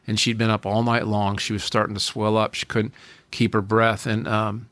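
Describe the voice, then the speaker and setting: A man's voice: on the low side, level tone, normal speed, a bit bright, no echo. A man in his forties, a podcast guest, telling a personal story in an earnest way, often repeating and restarting his phrases.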